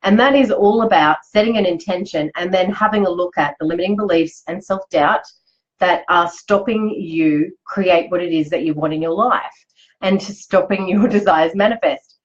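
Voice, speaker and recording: A woman's voice: lowish voice, normal speed, highs cut off. A woman, hosting a chatty, upbeat live motivational talk. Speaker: host. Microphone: live video stream.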